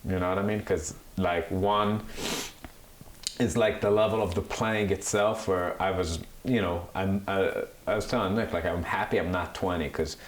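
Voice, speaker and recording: Casual podcast co-host, lowish voice, rambling talk, echoey room with a faint hiss. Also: male voice, normal speed. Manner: rambling, animated, mocks Italian accents. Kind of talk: casual chat.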